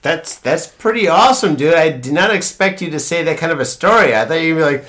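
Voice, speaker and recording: A man's voice: a little high, lively intonation, brisk, a bit bright. A man co-hosting a podcast, talking casually with profane jokes and incredulous questions. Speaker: podcast co-host. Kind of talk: casual chat.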